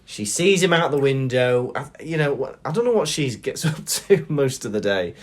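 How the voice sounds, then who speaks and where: A man's voice: medium pitch, lively intonation, moderate pace. A man co-hosting a podcast in casual chat, jokey and chatty, often laughing as he talks. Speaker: podcast co-host.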